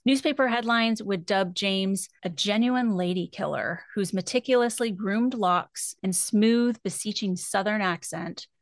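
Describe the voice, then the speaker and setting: A woman co-hosting a true crime podcast, reading a killer's backstory in an even, steady tone. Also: medium pitch, no echo, studio quality. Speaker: podcast co-host.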